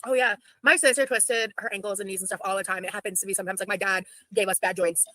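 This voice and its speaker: Bright, fast-talking woman in her thirties. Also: mid-range voice, steady tone, no echo, rough recording. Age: 30s. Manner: chatty, rambling, quick. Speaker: vlogger reacting to her old videos. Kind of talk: casual reaction commentary.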